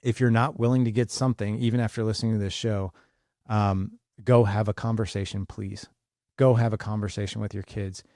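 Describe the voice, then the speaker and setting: A fifty-year-old man delivers an urgent, impassioned podcast monologue and hammers his points home through repetition. His voice sits low, and the recording is dry and close with no room echo. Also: fairly even intonation, a little fast, mellow. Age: 50s. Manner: urgent, impassioned, repeats for emphasis. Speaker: podcast host.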